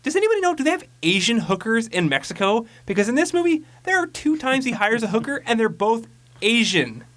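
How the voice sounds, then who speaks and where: A man's voice: very high-pitched, big pitch swings, fairly quick, a bit bright. A man casually recapping a horror movie on a podcast, rambling and profane, mocking the plot and mimicking lines. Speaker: podcast co-host.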